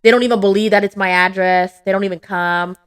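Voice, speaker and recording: A young woman guest on a podcast, telling stories in a blunt, animated way and swearing freely. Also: medium pitch, fast talker, smooth, no echo, clean studio sound. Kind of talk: casual chat.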